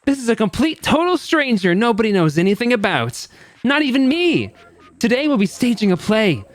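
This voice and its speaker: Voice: medium pitch, very animated, moderate pace, dry recording, voice pushed up, lightly acted. A streamer voicing a gleeful, sadistic game-show host in a game, with mocking showman patter. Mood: showy. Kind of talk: reading game dialogue aloud.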